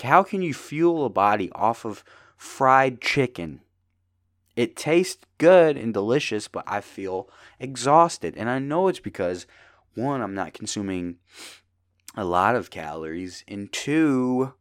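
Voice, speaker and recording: A young man hosting a podcast alone, telling rambling jokey stories in a tired, casual way. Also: fairly low pitch. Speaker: podcast host. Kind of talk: casual solo podcast chat.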